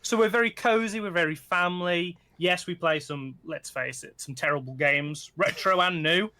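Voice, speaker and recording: In a casual podcast chat, a middle-aged guest streamer from England plays around and jokes about the silly accents he does. He speaks at a normal speed in a high-pitched, bright, forceful voice.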